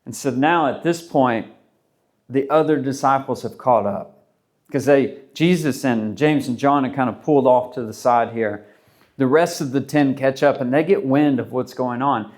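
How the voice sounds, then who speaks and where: A man preaching a sermon as a pastor, talking in a relaxed, conversational way and acting out the voices of people he quotes. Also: medium pitch, normal speed.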